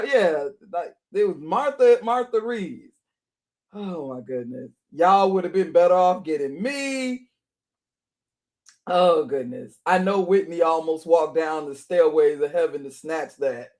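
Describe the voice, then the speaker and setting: A woman's voice: low voice, lively intonation, unhurried, darkish tone. A woman hosting a live stream, chatting casually with viewers in a talkative manner with laughing asides. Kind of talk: casual reaction chat.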